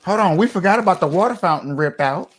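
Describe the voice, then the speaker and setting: A man gives casual commentary on a clip he is playing for his viewers. He rants in a rambling, animated way and keeps circling back to the same phrases. His voice sits a little higher than usual. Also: fast.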